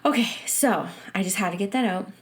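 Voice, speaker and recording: A woman in her thirties talks through a solo spiritual podcast in a chatty, earnest manner. Her voice sits at a middle pitch, and she fills her sentences with "um" and "you know.". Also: a little fast. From Canada. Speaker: podcast host and medium. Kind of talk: casual spiritual podcast monologue.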